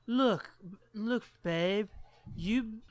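A man's voice: high voice, extremely slow, dry recording. A man voicing a drunk, exasperated boyfriend who insists and over-explains.

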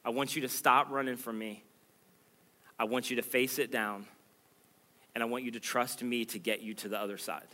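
Bright-voiced preaching man. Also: fairly even intonation, normal speed, pauses often. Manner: earnest, emphatic preaching that swells louder and higher. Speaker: pastor. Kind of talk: sermon.

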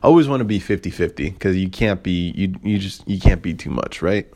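A man's voice: low voice, animated, a little fast, mellow. A young man hosting a podcast, telling a story in a rambling, profane, filler-heavy way with a sarcastic edge. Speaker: podcast host. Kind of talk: casual storytelling monologue.

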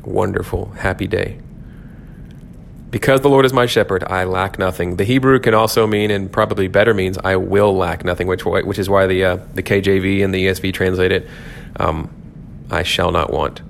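A man's voice: deep voice, fairly even intonation, fairly quick, creaky, a little hiss or hum. A man hosting a devotional podcast, talking through scripture in an earnest, reflective way and repeating key phrases for emphasis. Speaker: podcast host teaching on scripture.

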